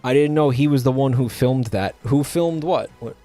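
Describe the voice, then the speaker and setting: A male streamer talking casually to his chat, stopping and restarting his sentences and trailing off with fillers. His pitch sits in an ordinary middle range, and his tone is offhand and a little sardonic. Soft music plays underneath. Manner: rambling, halting, with many fillers and restarts.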